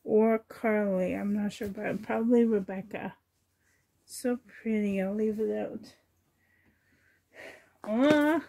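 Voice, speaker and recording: A woman chatting to herself and her viewers while sorting doll clothes, sentimental and softly laughing. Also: medium pitch, slow, gravelly, pauses often. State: emotional, choked up. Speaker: reborn doll collector vlogger.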